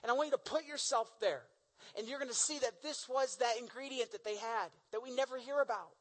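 Guy preaching, high bright voice, super casual and animated. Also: fairly quick, low-quality recording. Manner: animated storytelling, casual slang. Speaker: pastor. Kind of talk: sermon.

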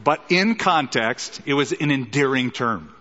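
A man's voice: mid-range voice, animated, unhurried, pushed and bright, big-room sound, lo-fi sound. A middle-aged man preaching a sermon as a pastor, emphatic, with rhetorical questions and dramatic quoted lines.

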